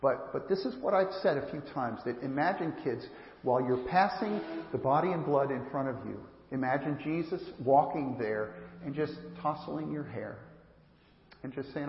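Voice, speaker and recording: Earnest pastor in an echoey church. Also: male voice, medium pitch, unhurried, long pauses, a little hiss or hum. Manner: earnest, repeats and restarts phrases, speaks directly to children. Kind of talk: sermon. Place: church sanctuary. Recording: echoey church hall, slightly dull sound.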